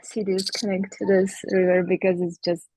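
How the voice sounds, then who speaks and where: A woman's voice: mid-range voice, monotone, normal speed, mellow, breathy edge, no room sound. A woman, a student in an online English class, friendly and searching for words. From Russia. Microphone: video call.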